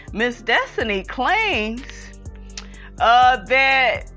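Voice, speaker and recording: A woman's voice: on the high side, sharp tone. A woman in a casual gossip chat who reads out viewer comments and keeps calling her listeners honey and child.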